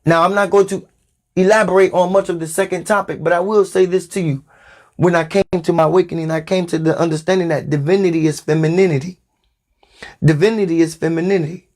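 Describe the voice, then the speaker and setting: A man with a rather high-pitched voice delivers a spiritual podcast sermon. He stresses his points by repeating them and speaks directly to his listener in a preaching manner. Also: fairly even intonation, quick pace, darkish tone. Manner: emphatic, repeats phrases for stress; addresses listener as "Divine". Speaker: spiritual teacher.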